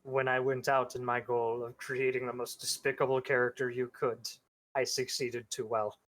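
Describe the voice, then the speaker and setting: Game master, middling pitch, dry wry humor, casual table talk. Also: level tone, moderate pace, a bit bright. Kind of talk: casual chat between game players.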